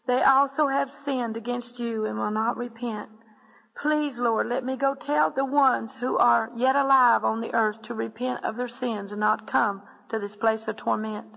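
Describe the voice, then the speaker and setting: A woman's voice: a little high, fairly even intonation, a little slow, vocal fry, fairly bright tone, long reverb tail, full character voice, rough recording. A woman reading aloud the desperate, pleading words of a sobbing man suffering in torment.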